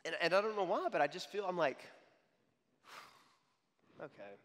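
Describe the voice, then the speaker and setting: Male pastor in his 30s, slightly high voice, lively talk-style sermon, hall reverb. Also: measured pace. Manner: animated, repeats "okay?" to the crowd. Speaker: young adults pastor. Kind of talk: conversational sermon.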